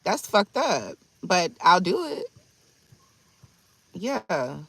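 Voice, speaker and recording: A woman's voice: fairly low pitch, big pitch swings, very slow, creaky, fairly bright tone, husky, no room sound. A woman in her thirties telling a chatty, slangy story to her livestream chat. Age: 30s.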